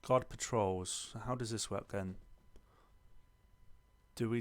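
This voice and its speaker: A man gives chatty, joking commentary while he plays a management game and reacts out loud. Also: lowish voice, fairly even intonation, slow. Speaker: gamer playing a management game. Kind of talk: casual let's-play commentary.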